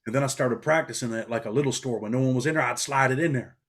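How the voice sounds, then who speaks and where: A man's voice: medium pitch, fast talker. A middle-aged man from New York, a former prisoner talking bluntly in a casual interview. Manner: blunt, street-talking, animated storytelling.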